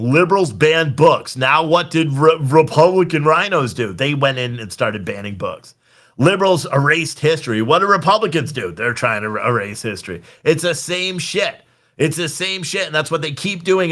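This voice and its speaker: A man's voice: fairly high pitch, bright, forceful tone. A young man hosting a political livestream, ranting in an angry, exasperated, profane way. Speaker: livestream host.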